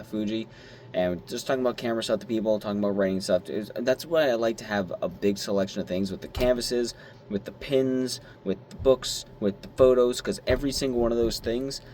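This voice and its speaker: A young man vlogging at his desk, telling a story in a rambling, animated way, swearing now and then and squealing when he acts out his excitement. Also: on the low side, a little hiss or hum. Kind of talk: casual talk to camera.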